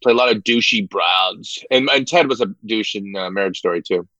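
A middle-aged man from Indiana, an actor guest chatting on a podcast, self-deprecating and halting, with many fillers and restarts. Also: on the low side, bright, forceful tone, dry recording, highs cut off. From Indiana, United States. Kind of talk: casual podcast chat.

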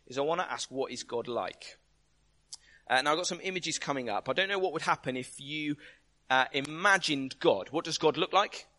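Man, bright voice, conversational preacher, rhetorical questions, emphatic. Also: mid-range voice. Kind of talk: sermon.

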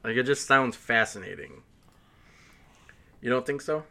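A man's voice: mid-range voice, a little slow, gravelly, bright, forceful tone. A man hosting a casual podcast chat, eager and rambling as he talks. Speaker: podcast host.

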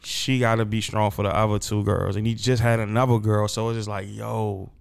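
A grieving man talks loosely in a casual chat, repeating words and circling back on himself. His low voice has a gravelly fry but stays smooth and clear underneath. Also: level tone, fairly quick. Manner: rambling, emotional, repeats words. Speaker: guest. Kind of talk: casual conversation.

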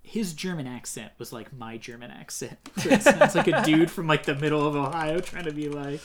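A man's voice: a little high, moderate pace. A man co-hosting a comic book podcast in casual chat, opinionated and rambling, full of "like". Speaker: podcast co-host.

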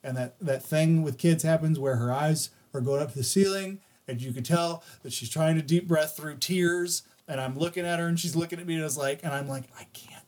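Profane storytelling podcast dad. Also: male voice, on the high side, fairly quick, few pauses, darkish tone. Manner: candid and profane, acting out the voices in his stories. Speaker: podcast co-host and parent. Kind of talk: casual storytelling chat.

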